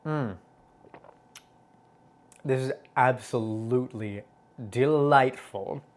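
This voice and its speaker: Speaking extremely slowly in a mid-range voice, a host leads a casual cocktail tutorial at home. They keep it chatty and playful with jokes at their own expense, humming aloud when tasting.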